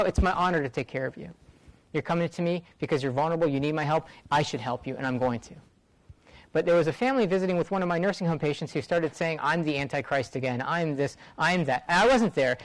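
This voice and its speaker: Middle-aged guy giving a heartfelt talk to students, kinda high voice, dry close sound. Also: dry recording, rough recording. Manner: earnest, impassioned, repeats phrases for emphasis. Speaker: guest speaker, rural doctor. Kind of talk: speaking to a student audience.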